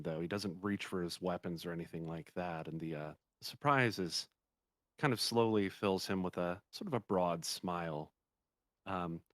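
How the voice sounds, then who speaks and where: A man narrating as game master, hesitant and filling pauses with ums. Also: sits low, a bit bright, no room sound. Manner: halting narration full of ums.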